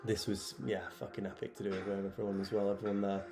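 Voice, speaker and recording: With a fairly low voice and a quick pace, a male head programmer and athlete casually talks over his workout video. He's relaxed and chatty, using plenty of fillers, and music plays behind him.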